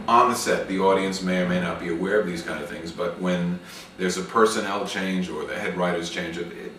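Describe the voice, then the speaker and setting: A man's voice: low-pitched, far from the mic. A middle-aged man in a casual interview, rambling with many fillers and restarts. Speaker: interview guest, actor and acting coach. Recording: echoey room, voice from off mic, faint noise.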